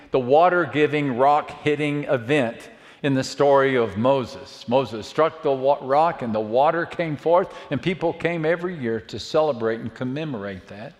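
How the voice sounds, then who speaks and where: A man preaching a sermon to a church, dramatic, swinging from hushed words to loud calls. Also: a little high. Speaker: pastor. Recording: long reverb of a church hall.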